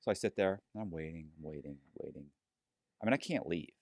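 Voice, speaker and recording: A middle-aged man telling a story as an interview guest, animated and profane, acting out other people's lines. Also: deep voice, a little fast, no echo.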